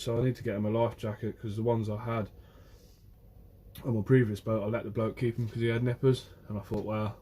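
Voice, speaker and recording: A man's voice: fairly low pitch, warm tone, slight background noise. Chatty fisherman streaming live by phone. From Guernsey. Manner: chatty, answers viewers' comments by name. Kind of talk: casual live stream chat. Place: outdoors by the shore.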